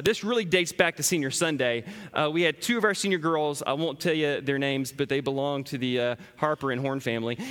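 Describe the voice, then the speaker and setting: Animated bright-voiced man in a hall. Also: fairly high pitch. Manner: animated, self-deprecating storyteller, laughs often. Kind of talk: storytelling sermon.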